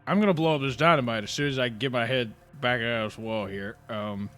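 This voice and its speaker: A man's voice: medium pitch, fast, a bit bright, faint music behind, pitched below the performer's own voice, natural voice. A man voicing a bumbling, dim-witted male prisoner with his head stuck in bars, rambling and exasperated.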